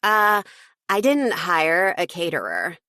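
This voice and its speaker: A woman's voice: on the low side, wildly swooping pitch, slow, sharp tone, no room sound, clean studio sound, full character voice. A woman doing a snooty, drawling popular teen girl. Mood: scornful. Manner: drawling, dismissive.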